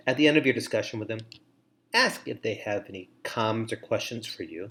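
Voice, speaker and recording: Middle-aged male webinar presenter, lowish voice, earnest, measured delivery with steady pauses. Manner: earnest, measured advice with deliberate pauses and repeated phrases. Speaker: foster care educator, webinar presenter. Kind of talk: instructional webinar talk.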